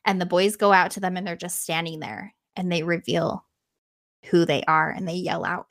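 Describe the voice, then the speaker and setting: A woman's voice: on the low side, moderate pace. A woman retelling an old myth in a casual, chatty way, with laughing asides. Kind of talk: casual storytelling.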